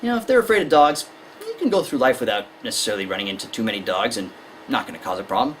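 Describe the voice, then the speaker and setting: A woman's voice: rumbling low, expressive, racing, slight background noise, poor audio. A woman giving a conversational lecture to parents on anxiety in children, explaining with everyday examples. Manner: conversational, illustrates with examples and acted-out scenes.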